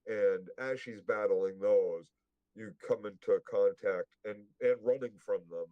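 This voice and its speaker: A man's voice: on the low side, unhurried, no echo, dull audio. A man co-hosting a casual recap chat, rambling and blunt, with heavy swearing. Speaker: podcast co-host.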